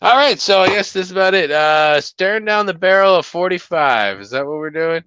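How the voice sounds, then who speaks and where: A man's voice: high voice, animated, brisk, sharp tone, clean tone, no echo. A man in his forties co-hosting a casual podcast, joking and teasing his co-host. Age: 40s. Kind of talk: casual chat.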